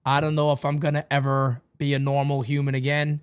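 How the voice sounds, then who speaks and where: Hosting a live fan watch party, this man calls the plays and chats with viewers, playfully melodramatic and prone to repeating phrases. His mid-range voice is completely flat, smooth, and fairly quick, with few pauses.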